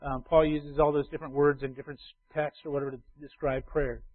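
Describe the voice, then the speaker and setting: A male pastor preaching a sermon, emphatic and repetitive, swinging from loud urging to quiet asides. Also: a little high, level tone, fast. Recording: tinny phone-like sound.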